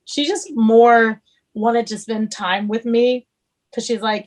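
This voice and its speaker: Animated woman guest, slightly high voice. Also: unhurried. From Texas. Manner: animated storyteller. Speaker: guest chef. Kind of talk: casual podcast interview.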